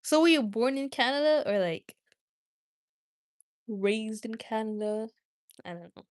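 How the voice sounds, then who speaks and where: Woman streamer, casual and giggly, unhurried delivery, dry close sound. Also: on the high side, expressive, no room sound. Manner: chatty and giggly, talks straight to viewers. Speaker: livestream host. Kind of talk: casual livestream chat.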